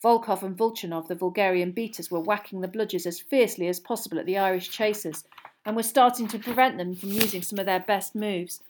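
A woman reading a storybook aloud in steady narration. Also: medium pitch, a little fast. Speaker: audiobook reader.

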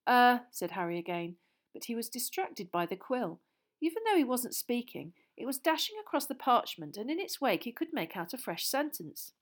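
A woman's voice: a little high, big pitch swings, moderate pace. Woman narrating a story. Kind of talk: audiobook narration.

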